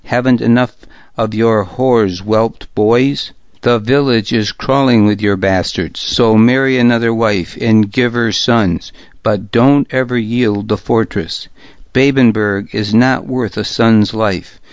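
A man's voice: on the low side, steady tone, slow, dry recording, lo-fi sound. A man voicing a scornful, defiant old lord in an audiobook, cold and cutting. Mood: contemptuous. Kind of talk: audiobook character voice.

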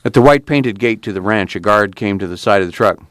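Low-voiced man reading an audiobook. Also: a little fast, no room sound. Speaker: narrator. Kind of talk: audiobook narration.

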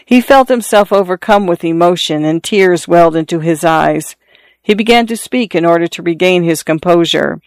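Audiobook narrator, measured storytelling, mid pitch, smooth clear voice, dry close recording. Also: no room sound.

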